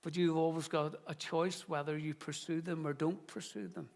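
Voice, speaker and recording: A man's voice: a little high, little pitch movement, moderate pace, vocal fry, a little mellow, in a large hall. A middle-aged man, the founding pastor of his church, preaching in an earnest, conversational way and telling stories. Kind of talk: sermon.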